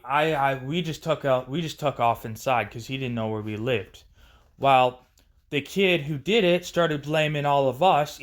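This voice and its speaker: A man telling a personal story casually on a vlog, rambling with many restarts and fillers. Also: mid-range voice. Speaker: storyteller vlogger.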